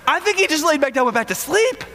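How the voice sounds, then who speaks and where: A man's voice: extremely high pitch, very animated, quick pace, bright, forceful tone. A man preaching a sermon in a casual, joking storytelling way, acting out the voices of the people in his story. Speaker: pastor. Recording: long hall reverb.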